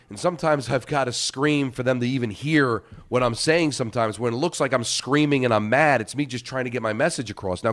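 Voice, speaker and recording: A middle-aged man co-hosting a sports talk show, laying out a measured argument with rhetorical questions. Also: mid-range voice. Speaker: sports radio co-host. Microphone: studio microphone.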